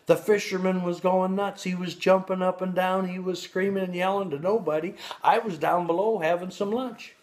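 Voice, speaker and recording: A man doing Bunky, a bragging old bass. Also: fairly even intonation, normal speed, few pauses, a little mellow, close to an everyday voice. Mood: boastful. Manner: bragging, tall-tale telling. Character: boastful old male bass fish.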